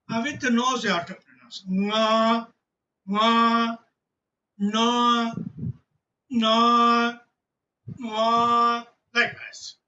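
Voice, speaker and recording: A man's voice: very high voice, bright, forceful tone, recorded from a distance, lo-fi sound. A male teacher, giving an online class lesson and patiently sounding out letters one by one.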